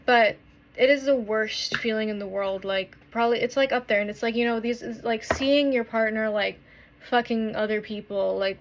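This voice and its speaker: A woman in her twenties talking through a painful breakup in a confessional vlog, halting and swearing often, with many restarts. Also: medium pitch. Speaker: vlogger.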